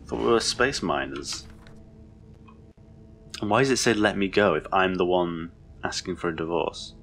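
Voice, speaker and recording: A man's voice: sits low, lively intonation, a little slow, a bit bright, faint music behind. A man giving rambling, confused, sweary commentary as he plays a horror game. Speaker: let's play host. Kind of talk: gameplay commentary.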